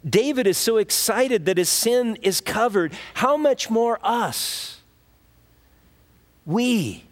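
A man with a fairly high voice delivers a sermon in an easygoing, conversational style. He acts out small scenes as he goes. His words ring out with a long reverb, as if in a large church hall. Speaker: pastor.

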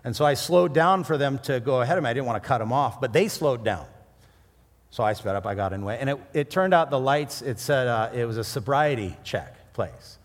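A man preaching a sermon, mixing scripture with animated personal stories and jokes. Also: mid-range voice, fairly quick. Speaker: pastor. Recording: long hall reverb.

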